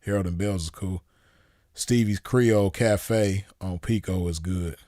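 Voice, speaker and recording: A man in his forties hosts a show in a low, dark-toned voice, unhurried and fairly even in intonation. He chats casually with viewers, rambling through slangy stories in a laid-back manner and laughing easily. The recording is dry, with studio quality.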